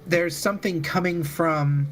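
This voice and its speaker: A man narrating as dungeon master of a tabletop game in a relaxed, joking way, laughing often. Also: a little high, a little slow, a little hiss or hum.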